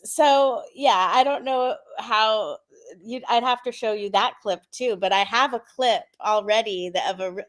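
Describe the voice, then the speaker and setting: A woman co-hosting an online radio stream, chatting casually, restarting often and laughing easily. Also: a little high. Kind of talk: casual livestream chat.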